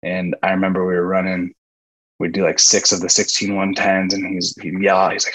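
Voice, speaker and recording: A man's voice: deep voice, completely flat delivery, fairly quick, fairly bright tone, poor audio. A young man, a former college football player, chatting as a podcast guest and telling rambling stories with fillers and laughs. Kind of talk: casual storytelling chat.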